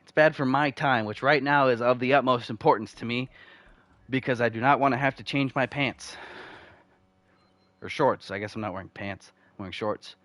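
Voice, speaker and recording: A young man talks through a sports video game in a loose, rambling way, cracking self-deprecating jokes between quick runs of stats. His voice sits at an ordinary middle pitch. The sound is dry and close, with no room behind it. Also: a bit bright, dry recording. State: uncomfortable, needs the bathroom. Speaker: video game franchise mode host. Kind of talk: casual gameplay commentary.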